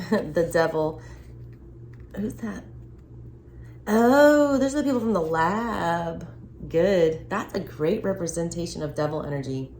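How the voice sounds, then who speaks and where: A woman doing a casual, chatty tarot unboxing and reading, excitable and cursing freely as she goes through the cards. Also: lowish voice, unhurried. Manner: chatty, excitable, swears casually, frequent laughs. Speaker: tarot reader. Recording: echoey room with faint background noise.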